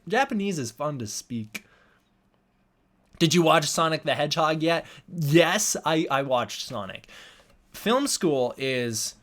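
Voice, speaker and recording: A tired young male streamer rambles casually, reading and answering his viewers' chat as a livestream host. His voice is medium-pitched and a bit bright.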